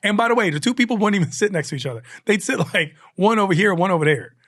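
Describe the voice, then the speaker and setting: A male comedian chatting as a guest, lively and loose, tossing in asides and restarting sentences as he goes. His voice sits a little above the usual male range. The sound is close and dry, with no room echo. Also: high voice, rapid-fire. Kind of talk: casual storytelling chat.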